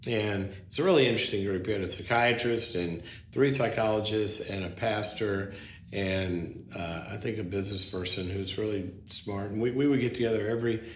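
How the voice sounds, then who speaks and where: A man's voice: fairly low pitch, normal speed. A man, a psychologist, telling a story in conversation, acting out the dialogue and often restarting his sentences. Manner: animated, acts out dialogue, frequent restarts. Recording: roomy with faint noise.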